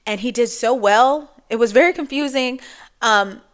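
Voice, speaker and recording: A woman's voice: on the high side, normal speed. A woman in her forties talking casually to camera in a chatty, rambling monologue with frequent asides. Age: 40s. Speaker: vlogger.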